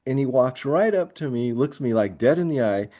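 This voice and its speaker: A man with a mellow, warm-toned voice recounts a story from his years as a coach. He tells it in an animated, lively way and keeps breaking into laughter. His pitch sits at a middle level for a man. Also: moderate pace. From grew up moving around as a military kid. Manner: animated storyteller who laughs often through his tale. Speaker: high school track coach and teacher. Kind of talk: storytelling in a podcast interview.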